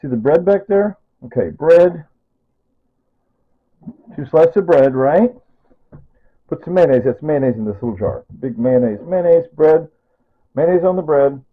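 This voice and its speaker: Husky rambling man on tinny audio. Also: a little high, lively intonation, measured pace, pauses often. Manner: chatty, repeats himself, self-correcting. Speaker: cooking vlogger. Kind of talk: rambling casual kitchen talk.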